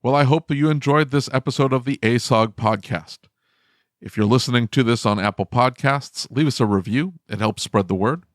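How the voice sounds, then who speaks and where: A man's voice: mid-range voice, brisk, no echo, clean studio sound. A man hosting a podcast, chatting casually and candidly. He laughs often and speeds up when something annoys him. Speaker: podcast host.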